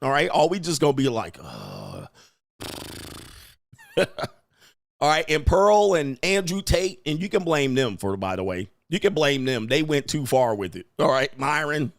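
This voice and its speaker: Riffing as host and commentator of a livestream, a man uses slangy talk, laughs frequently, and imitates others. He has a medium-pitched voice with lively intonation and a measured pace, recorded with no echo.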